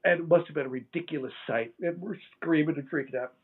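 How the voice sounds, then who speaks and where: An older man with a slightly higher voice recounts his stories with lively energy, breaking into laughter and making sound effects. The audio is thin and phone-like, as though it comes through a narrow call line. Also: fast talker, breathy edge. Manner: animated, laughs and imitates sounds. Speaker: interview guest. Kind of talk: casual storytelling.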